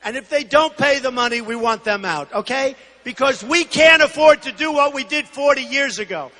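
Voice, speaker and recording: A man in his sixties giving a campaign rally speech from a podium, emphatic and repetitive, shouting some lines. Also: very high-pitched. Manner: emphatic, repetitive, punchy phrasing. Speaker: political candidate. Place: large rally venue. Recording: long reverb of a large hall.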